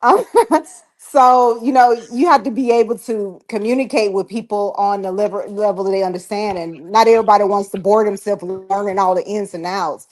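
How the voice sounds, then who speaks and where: A woman's voice: mid-range voice, steady tone, normal speed. A woman from Alabama with a Southern accent, a lawyer chatting on a panel, thoughtful and rambling with fillers. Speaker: bankruptcy lawyer guest on a panel. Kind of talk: casual call-in chat.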